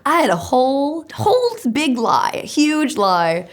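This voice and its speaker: A young American woman in a casual interview, chatty and self-mocking, laughing often, her voice slightly raspy. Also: high voice, sing-song, measured pace. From United States. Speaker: actor answering web search questions.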